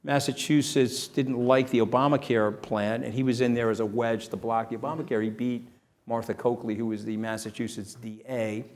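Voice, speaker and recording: A middle-aged man as an interview guest, telling an anecdote fast and animatedly. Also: mid-range voice. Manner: fast, animated, acts out quoted voices. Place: event venue.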